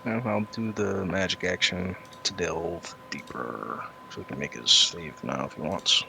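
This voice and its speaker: Deep, gravelly, bright-edged man. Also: a little slow, slight background noise, poor audio. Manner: rueful, talks through his mishaps. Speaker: player. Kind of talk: casual tabletop play.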